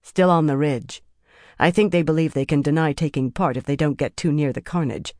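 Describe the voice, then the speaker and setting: A reader voicing a calm woman commander. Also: medium pitch, a little fast, no echo, clean studio sound, natural voice. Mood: matter-of-fact. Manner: steady reporting. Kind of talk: audiobook character voice.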